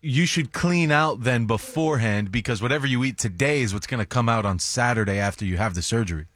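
A man's voice: medium pitch, a little fast, a bit bright, dry recording. A man co-hosting a radio talk show who explains sayings and laughs easily in casual banter. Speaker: radio co-host.

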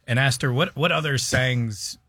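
A man with a bright, forward, slightly husky voice running a relaxed radio segment. He sounds easygoing, with a dry, close mic. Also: medium pitch, moderate pace, no echo. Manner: easygoing, self-conscious reading aloud. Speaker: radio host. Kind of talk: casual on-air banter.

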